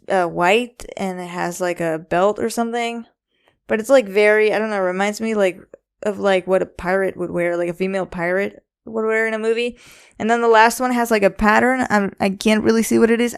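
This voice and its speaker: A woman's voice: medium pitch, clean tone. A young woman hosting a casual solo podcast, rambling with lots of ums and likes, a bit anxious and self-conscious. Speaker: podcast host.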